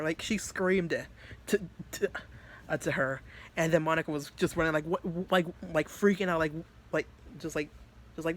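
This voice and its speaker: A man's voice: on the high side, moderate pace, fairly bright tone. Rambling man telling a story. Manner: rambling, many fillers and restarts, laughs. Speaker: youtuber. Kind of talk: casual storytelling.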